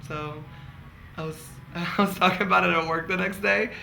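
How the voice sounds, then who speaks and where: Chatty campy guy spilling stories, gravelly fry, light hiss in the bg. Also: high voice, steady tone, normal speed, pushed and bright, rough recording. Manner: candid, campy, laughs often. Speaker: vlogger. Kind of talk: casual gossipy storytelling.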